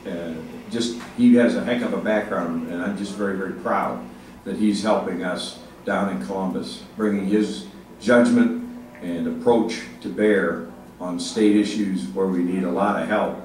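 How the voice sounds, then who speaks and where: An older man giving a speech to an audience, halting with many fillers and restarts, speaking with emphasis. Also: on the low side, darkish tone. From Ohio, United States. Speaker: state legislative leader giving a speech. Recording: echoey hall, mic far off, faint noise.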